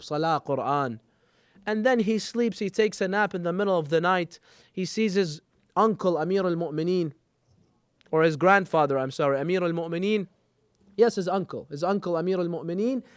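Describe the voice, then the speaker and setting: Male preacher storytelling, dramatic, high clear voice. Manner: emotional, dramatic narration. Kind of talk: sermon storytelling.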